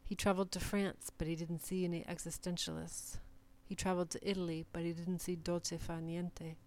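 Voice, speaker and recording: Woman reading lit prose out loud, low voice, pretty flat, careful pacing. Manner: measured, deliberate reading of numbered passages. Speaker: reader.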